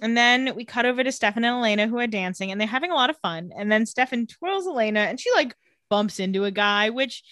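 A young adult woman co-hosting a casual chat, recapping a show and acting out characters' lines in quick little voices. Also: fairly high pitch, animated, fairly bright tone, no echo. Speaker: podcast co-host recapping a TV episode.

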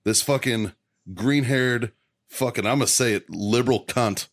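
A man's voice: medium pitch, normal speed. A man co-hosting a casual podcast, telling a heated, profanity-filled story and laughing as he goes. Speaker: podcast co-host. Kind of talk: casual chat, ranting storytelling.

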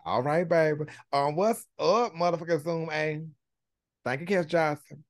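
Lebhafter Mann mit hoher Stimme, Video-Call. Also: male voice, a little high, a little slow, no room sound, clean studio sound. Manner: animated, swearing, retells quotes with dramatic flair. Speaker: podcast host. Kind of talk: casual gossip chat over video call.

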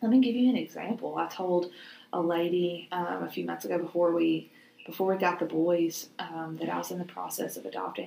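A woman's voice: on the low side, steady tone, a little fast, creaky, dark tone, roomy sound, rough recording. A woman, co-hosting a faith podcast in a chatty, laughing, often sarcastic way. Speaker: podcast co-host. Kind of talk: casual faith podcast chat.

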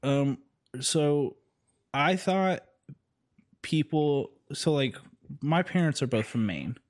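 A man's voice: fairly high pitch, animated, takes it slowly. Rambling, joking man in casual chat. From Southern United States. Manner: rambling, joking, trails off with fillers. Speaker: podcast co-host.

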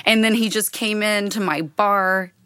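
A woman's voice: medium pitch, measured pace, clear, resonant tone, no room sound, clean studio sound. Laid-back storytelling woman co-host. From Arkansas. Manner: laid-back, animated anecdote teller. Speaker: co-host and bar owner. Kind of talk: casual storytelling.

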